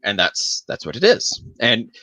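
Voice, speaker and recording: A man's voice: medium pitch, sing-song, measured pace, bright, forceful tone, no echo. A man co-hosting a casual podcast chat, telling a loose, rambling story full of fillers and restarts. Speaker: podcast co-host.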